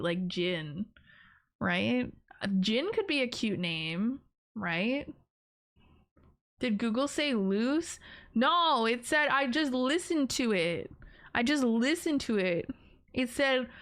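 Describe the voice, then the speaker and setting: A woman with a slightly high voice chats away on a live stream, rambling from one thought to the next. She giggles often and teases her viewers playfully. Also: a bit bright. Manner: playful teasing of her chat. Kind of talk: casual live-stream chat.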